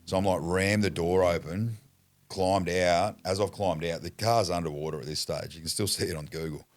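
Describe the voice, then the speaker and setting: A man's voice: low-pitched, fairly even intonation, moderate pace, dry recording. An Australian man telling a story as a podcast guest, blunt and foul-mouthed in casual chat. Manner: blunt, heavy swearing, acts out quotes.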